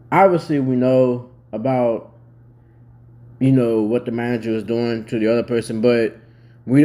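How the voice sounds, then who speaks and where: A young man reacting to a news story vents directly to camera, swearing freely and bluntly as he grows worked up in his casual commentary. He has a mellow, dark tone at a middle pitch.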